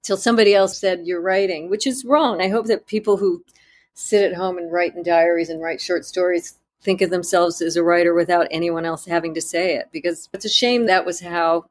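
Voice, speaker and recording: A woman author in an interview, telling her story in a candid, self-deprecating way with halting restarts. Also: on the low side, steady tone.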